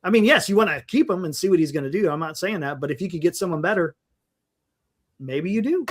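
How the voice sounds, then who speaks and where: A man's voice: high voice, animated, quick pace. A man hosting a casual sports talk livestream, thinking aloud and reading names off a list in a rambling way. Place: home livestream setup. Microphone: desktop mic on a live stream.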